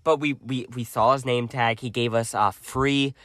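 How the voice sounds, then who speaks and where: A man's voice: mid-range voice, steady tone, moderate pace, fairly bright tone, dry recording. A young man co-hosting a podcast in casual chat, who steers the story and cuts in with asides. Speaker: podcast co-host.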